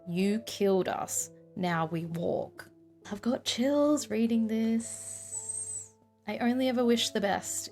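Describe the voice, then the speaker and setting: A young woman telling a history vlog in an emotional storytelling style, sighing and trailing off into soft asides. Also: medium pitch. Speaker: paranormal history vlogger.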